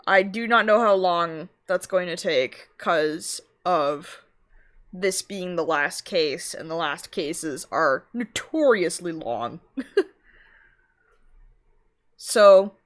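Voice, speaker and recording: A woman's voice: lowish voice, pushed and bright. A young adult woman streaming a game live, chatting casually, swearing and laughing as she reads the characters' lines aloud. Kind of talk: live game playthrough, reading dialogue aloud. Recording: game music playing behind.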